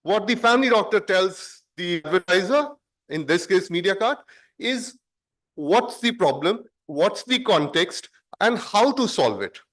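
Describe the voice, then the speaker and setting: A man giving a conference presentation, speaking in a measured, explanatory way and stressing words for effect. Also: sits high, animated, a bit bright.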